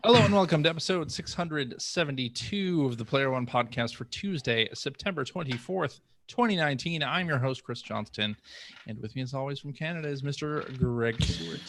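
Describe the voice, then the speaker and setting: A man's voice: medium pitch, brisk, fairly bright tone. A man hosting a video game podcast, opening the show with wry, laid-back banter. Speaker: podcast host. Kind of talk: casual podcast chat.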